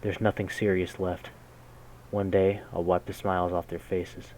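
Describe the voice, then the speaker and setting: A man reading a game's story text aloud in a measured way, breaking in with casual, slangy jokes as a gaming host. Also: sits low, flat delivery, a little mellow, a little hiss or hum, poor audio. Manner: measured narration broken by casual slangy comments. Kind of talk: reading game text aloud with jokey asides.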